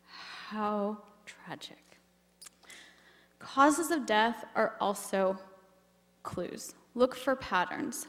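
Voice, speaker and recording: A woman's voice: medium pitch, in a large hall. A woman giving a keynote talk on family history, earnest and emotional, with many ums as she goes.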